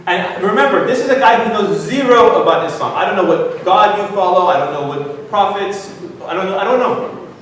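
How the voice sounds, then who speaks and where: A man telling a funny personal story as a guest speaker at a conference, animated and jokey. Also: slight background noise. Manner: animated, jokey, rises high when excited. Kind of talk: humorous personal storytelling talk. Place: conference hall. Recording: very echoey hall, distant mic.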